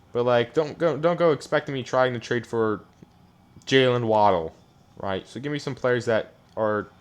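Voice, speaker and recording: A young man talks over his football video game as he plays it, mid-pitched and casual. He complains and rants a lot, and his voice swings from low grumbling to loud outbursts. He records on a desk mic. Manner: frustrated, ranting, swings between muttering and yelling. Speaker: gaming YouTuber. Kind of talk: live gameplay commentary. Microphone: desk microphone.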